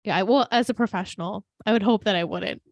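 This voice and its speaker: A woman co-hosting a podcast, recapping a TV episode in casual, animated chat and quoting characters with put-on voices. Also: medium pitch, fast, vocal fry, no room sound, lo-fi sound. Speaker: podcast co-host.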